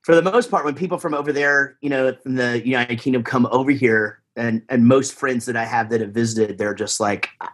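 A man's voice: mid-range voice, fairly quick, few pauses. A man, chatting in a rambling, easygoing way as a guest musician on a podcast. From Texas, USA. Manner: rambling, lots of fillers and restarts, easygoing. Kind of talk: casual interview chat.

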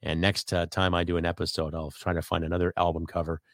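A man's voice: sits low, level tone, fast, fairly bright tone, no echo, clean studio sound. A man from Canada hosting his own solo podcast, ranting bluntly and profanely at his audience. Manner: blunt, profane, rambling rant. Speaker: podcast host.

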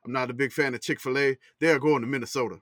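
A man's voice: mid-range voice, steady tone, very fast, a bit bright, no room sound. An easygoing man chats on a podcast and laughs easily. The recording is dry, with no room sound. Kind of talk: casual chat.

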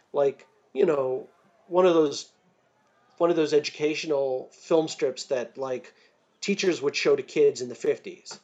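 A man, a children's book author, answering interview questions in a rambling, animated way with many fillers and restarts. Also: fairly high pitch. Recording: slightly dull lo-fi audio.

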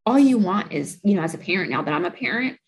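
A woman's voice: medium pitch, expressive, fast, poor audio. A young adult woman, a guest in an interview, telling a personal story candidly and with feeling. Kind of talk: interview conversation.

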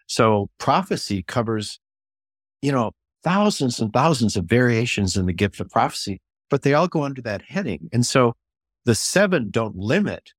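An older man, an author and ministry leader, talking as a guest in an interview. He tells stories in an animated way, often restarts phrases, and acts out quotes in a raised voice. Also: mid-range voice, normal speed, no echo, clean studio sound. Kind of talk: conversational storytelling interview.

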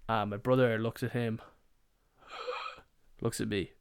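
A man's voice: fairly low pitch, flat delivery, slow pace, creaky, clear, resonant tone. A young man hosting a podcast, telling rambling, sweary comedic stories and slipping into put-on voices. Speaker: podcast host. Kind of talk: casual comedic storytelling.

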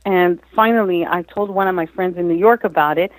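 A woman, a mindset coach and author, telling her story as an interview guest, lively and acting out quotes with frequent restarts. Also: lowish voice, brisk, no echo, low-quality recording.

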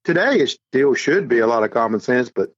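An older man with a Southern US accent, a former police officer who tells lively stories on a casual talk show, laughing often. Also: fairly quick, no room sound, dull audio. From North Carolina, US. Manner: animated, laughing, jumps high for quoted lines. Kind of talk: casual storytelling chat.

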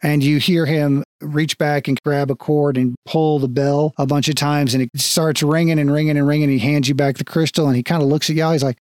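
A man's voice: fairly high pitch, brisk, hardly any pauses, dry recording, clean studio sound. Man narrating a tabletop game. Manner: relaxed, descriptive, with small restarts. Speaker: game master.

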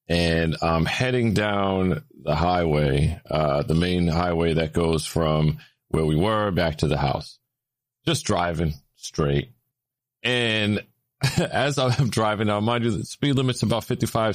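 A man telling a story in casual chat, with lots of fillers, getting louder and higher when he gets worked up. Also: dry recording. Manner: animated, rising when worked up, many fillers.

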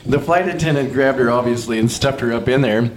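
A man's voice: mid-range voice, a little fast, crowd noise. A middle-aged man, a podcast co-host, telling a story in casual chat, swearing and interrupting himself. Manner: animated, profane, self-interrupting storyteller.

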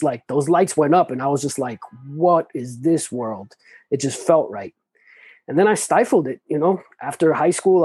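A man's voice: a little high, mellow, slightly rough, no echo, rough recording. A man in an interview, telling a personal story in casual, loose, profane talk full of restarts. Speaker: interview guest.

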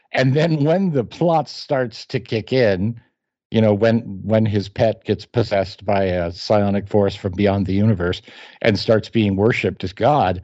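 A man from Kansas talking casually on a podcast, animated and quoting lines in put-on voices. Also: on the low side, unhurried, no room sound. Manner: animated, reads quotes aloud in voices. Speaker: podcast host. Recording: slightly dull lo-fi sound.

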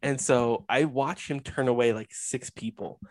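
A man's voice: medium pitch, fairly even intonation, unhurried, a little mellow, no echo. Self-mocking young man, dry sound. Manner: rambling, self-mocking, laughs often. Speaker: podcast co-host. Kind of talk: casual chat, storytelling.

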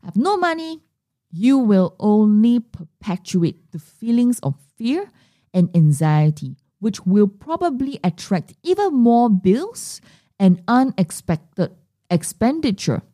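A middle-aged woman from Singapore hosts her money mindset podcast as a solo monologue, telling stories very animatedly and acting out the voices she quotes. Her mid-range voice is mellow and her pace slow, captured in a dry, studio-quality recording.

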